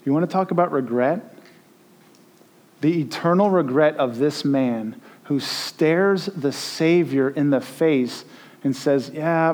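A man's voice: on the high side, darkish tone. A male pastor giving a conversational sermon and leading communion, rising to emphatic peaks.

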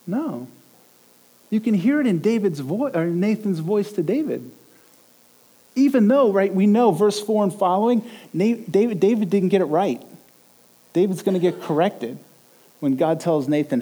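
A male pastor in his thirties delivers a sermon with a somewhat high voice. He tells stories animatedly and slips into quoted voices. His delivery rises and falls with the anecdote. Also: unhurried, long pauses, slightly rough, rough recording. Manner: animated storyteller, acts out quotes with rising pitch. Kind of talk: sermon with personal story.

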